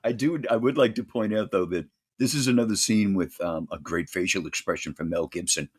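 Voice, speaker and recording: A man's voice: sits low, fairly quick, breathy edge. A man co-hosting a movie review podcast, chatting casually and with amusement about scenes. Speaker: podcast co-host.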